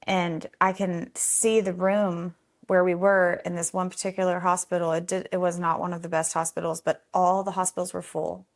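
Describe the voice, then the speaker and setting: Animated woman telling a personal story. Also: normal speed. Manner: animated, acts out quotes with big pitch jumps. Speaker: foster home founder telling her story. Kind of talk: casual conversational storytelling.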